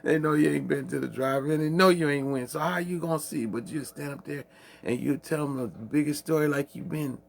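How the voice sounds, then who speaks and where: A man's voice: on the high side, a little fast, vocal fry. Loose-talking man riffing late at night. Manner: loose, profane, preachy street talk, laughing at his own jokes. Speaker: livestream host. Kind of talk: casual late-night monologue.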